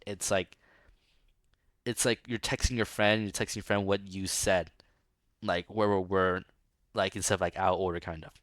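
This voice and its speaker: A man's voice: low voice, fairly even intonation, moderate pace, pauses often, a bit bright, no echo. Young guy riffing on a bad book, rambly, lots of likes, dry close sound. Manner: rambling, casual, lots of fillers. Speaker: book reader. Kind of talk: reading aloud with mocking commentary.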